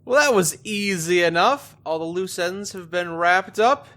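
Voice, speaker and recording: A man's voice: high voice, measured pace, few pauses, fairly bright tone. A man commenting on his gameplay, joking sarcastically and playing his character aloud. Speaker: gaming video host.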